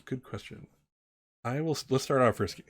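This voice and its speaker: A man's voice: medium pitch, normal speed, dry recording, clean studio sound. A man narrating a tabletop game as game master, rambling with many fillers and restarts.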